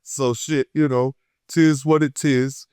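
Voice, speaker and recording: A man from Detroit with a Detroit accent, telling a story in an unfiltered, profane, heated way, swinging between loud and low. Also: flat delivery, takes it slowly, clear, resonant tone, no echo, studio quality. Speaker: guest. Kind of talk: unfiltered casual interview. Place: podcast studio.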